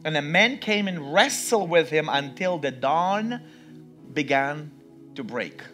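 A man preaching a sermon in a church, acting out the story with sudden shouts and hushed passages. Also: fairly high pitch, lively intonation, takes it slowly, faint music behind. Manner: dramatic, acts out voices, swings between loud and hushed. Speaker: pastor. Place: church with live music underneath.

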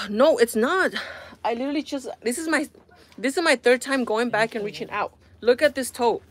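Young woman, live-stream host, bit high-pitched, exasperated and chatty with viewers. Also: moderate pace. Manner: exasperated, animated, talks to viewers. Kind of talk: casual live-stream chat.

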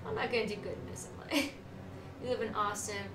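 Streaming a game, this woman keeps a steady tone and brisk pace, her medium-pitched voice a little bright as she chats and giggles with chat. It's casual live commentary, captured with a distant mic in an echoey room with faint background noise.

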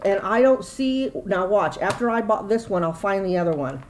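A woman's voice: mid-range voice, animated, moderate pace, slight background noise, poor audio. A middle-aged woman, chatting casually and rambling through a grocery haul at home. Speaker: YouTube vlogger.

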